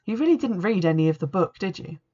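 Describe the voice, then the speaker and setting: A woman's voice: lowish voice, expressive, quick pace, warm tone. A woman voicing Annie, a cautious teenage girl who knows witchcraft, speaking with warning and reluctance. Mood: wary. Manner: warning, reluctant, a bit superior. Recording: dull lo-fi recording.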